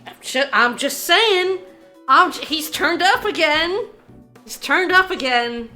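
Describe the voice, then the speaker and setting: A woman streaming a video game, chatting casually with her viewers, excitable and insistent, repeating herself and laughing often. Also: extremely high pitch, slow, faint music behind. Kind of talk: casual game commentary to chat.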